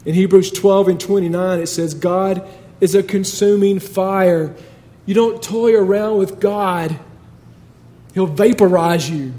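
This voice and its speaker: A man's voice: high voice, steady tone, a little slow, warm tone. A man preaching a sermon in a conversational but emphatic way, building points through repetition.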